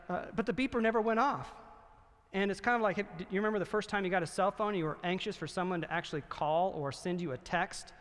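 A middle-aged male pastor telling a story in a sermon, earnest and growing hushed and solemn. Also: fairly high pitch. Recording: long reverb of a hall.

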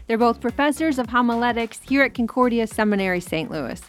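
A woman from Wisconsin hosting a podcast on sermon planning, moving the talk along briskly and reading a scripture passage aloud. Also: a little high, expressive, faint music behind. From Wisconsin, USA. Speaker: podcast host and producer.

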